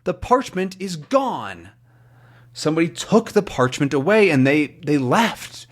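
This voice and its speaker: A man teaching English to learners, reading a comic aloud with slow, clear explanations. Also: fairly high pitch, sing-song.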